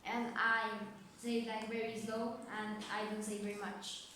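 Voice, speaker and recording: A woman student answering in class in English, halting with many fillers. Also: fairly high pitch, level tone, pushed and bright, a little hiss or hum. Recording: echoey classroom from far off.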